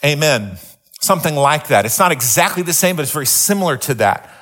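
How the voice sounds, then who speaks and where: A man's voice: on the high side, animated, fast, fairly bright tone. A middle-aged man preaching a sermon, telling a story with many restarts before teaching. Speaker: pastor.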